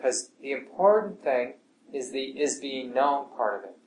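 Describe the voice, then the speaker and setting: Soft-spoken man teaching meditation, echoey room. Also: unhurried, a little hiss or hum. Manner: calm, gentle, often dropping to a soft low voice. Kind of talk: relaxed meditation class talk. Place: class room with students. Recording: echoey room, faint ambience.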